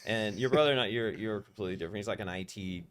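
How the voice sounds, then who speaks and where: Man, podcast host, rapid-fire rambling stories, lowish voice, swears freely. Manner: rambling, profane, animated storytelling. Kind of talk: casual storytelling interview.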